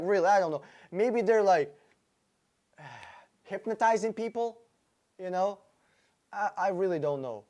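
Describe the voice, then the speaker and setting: Blunt, profane man hosting a live stream. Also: high voice. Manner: talks to viewers by name, with frequent fillers and restarts. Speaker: livestream host answering chat questions about cars.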